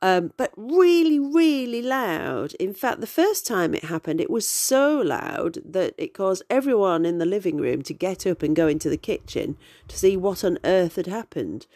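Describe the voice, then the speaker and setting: A woman's voice: lowish voice, expressive, normal speed, darkish tone, no room sound. A middle-aged woman hosting a podcast, telling her own stories in a chatty, digressive way. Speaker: podcast host. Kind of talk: casual storytelling monologue.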